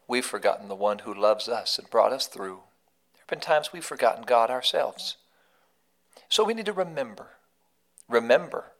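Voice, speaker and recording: A man's voice: medium pitch, a bit bright. A man hosting a devotional podcast, telling a story in an earnest, emphatic way that leans on repetition. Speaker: podcast host and devotional speaker.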